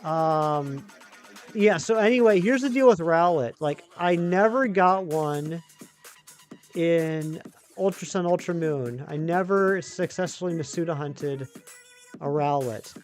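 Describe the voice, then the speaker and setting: A man live-streaming a video game, chatting excitably with his viewers. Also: on the high side, slow pace, soft background music. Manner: chatty, excitable, talks to chat. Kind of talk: live gaming stream chat.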